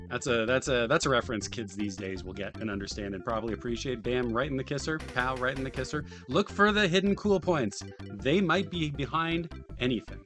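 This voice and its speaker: A man of middle pitch reads a video game manual aloud on a live stream. He reads the text with playful mock-enthusiasm, then drops into dry, muttered asides. Clear music plays behind his voice. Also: pushed and bright.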